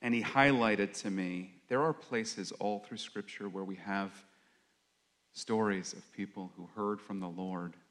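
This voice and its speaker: Preacher, male, lowish voice, halting and earnest, reflective sermon delivery. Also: steady tone, a bit bright. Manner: halting, with many pauses and fillers; earnest, confessional. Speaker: worship leader or preacher.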